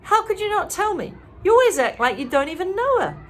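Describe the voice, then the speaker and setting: A woman's voice: high-pitched, sing-song, moderate pace, pitched above the performer's own voice. A woman voicing an earnest, caring teenage boy in a plain, earnest manner. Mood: annoyed.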